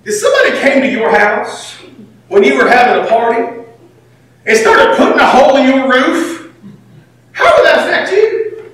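High-voiced man preaching in an echoey hall. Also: normal speed, pauses often. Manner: animated, swings between shouting and near-whispering. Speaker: pastor. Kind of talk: sermon. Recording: echoey hall from far off, faint ambience.

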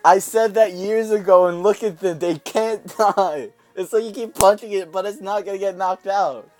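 A man's voice: high-pitched, moderate pace, darkish tone, faint music behind. A man co-hosting a casual podcast, blunt and sarcastic. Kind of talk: casual chat.

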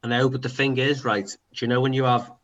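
Man, podcast co-host, bright voice, lively sweary storyteller. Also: mid-range voice, quick pace, muffled recording. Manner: animated storytelling, swears freely. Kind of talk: casual chat.

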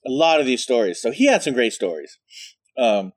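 Homem falante contando histórias, voz animada. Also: male voice, medium pitch, big pitch swings, moderate pace, no echo. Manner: rambling, profane, laughs at his own stories. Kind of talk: casual storytelling chat.

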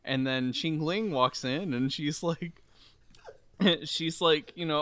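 A man's voice: a little high, slow pace, a bit bright, clear, resonant tone, dry recording. A man co-hosting a casual movie review chat, summarizing the plot with dry, wry humor. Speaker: podcast co-host.

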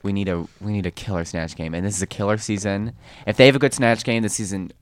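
A man co-hosting a casual chat, rambling and self-correcting as he talks, quick to laugh. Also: lowish voice, steady tone, no echo. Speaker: podcast co-host. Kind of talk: casual chat recapping a reality show.

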